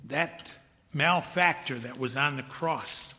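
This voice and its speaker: A man preaching a sermon, reading scripture aloud, rising to loud emphatic peaks and dropping to soft hushed whispers. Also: medium pitch, vocal fry, slight background noise. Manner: slow, swells loud then drops to a hushed whisper. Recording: long hall reverb.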